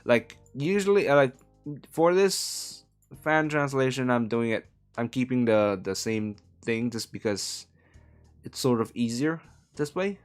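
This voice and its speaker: A man's voice: medium pitch, lively intonation, a little slow, clear, resonant tone, soft background music. A man from Hong Kong translating a novel live on stream, talking casually and rambling with many fillers and self-corrections.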